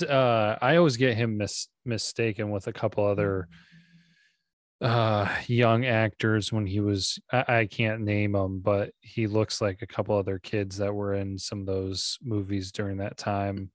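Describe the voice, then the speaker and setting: A man's voice: lowish voice, level tone, moderate pace, no echo, studio quality. A man co-hosting a podcast, talking casually about a movie, easygoing and hesitant with ums and uhs. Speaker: podcast co-host.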